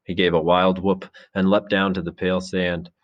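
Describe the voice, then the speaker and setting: Deep male narrator, measured dramatic audiobook read. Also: flat delivery, dull audio. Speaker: teacher reading a novel aloud.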